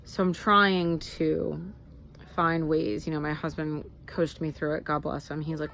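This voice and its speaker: A woman's voice: low-pitched, level tone, normal speed, a bit bright, a little hiss or hum. A woman in her thirties talking candidly in a casual personal vlog, rambling with fillers and restarts. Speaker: vlogger.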